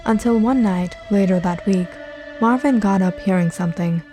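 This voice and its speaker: Woman narrating a horror story over music. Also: mid-range voice. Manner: steady, measured storytelling. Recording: loud music behind.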